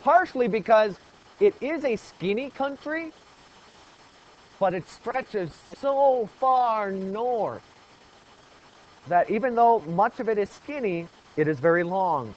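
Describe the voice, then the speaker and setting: A man's voice: high-pitched, lively intonation, slow pace, pauses often, lo-fi sound. A man teaching a geography lesson in a classroom, quizzing the students with call-and-response questions. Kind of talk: classroom lecture.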